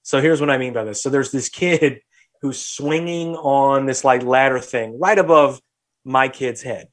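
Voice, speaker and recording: A young adult man hosting a podcast, telling a story in a lively, profane, casual way. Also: mid-range voice, measured pace. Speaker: podcast host.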